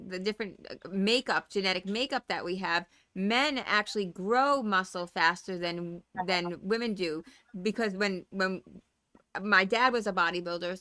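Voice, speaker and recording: A woman guest panelist talking through ideas in an animated way, with many restarts. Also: mid-range voice, no echo. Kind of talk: panel discussion.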